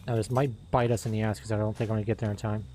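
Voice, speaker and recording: A man's voice: on the low side, flat delivery, racing, a little mellow, a little hiss or hum. A man giving casual commentary while playing a game, thinking aloud, muttering and swearing. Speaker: gaming streamer.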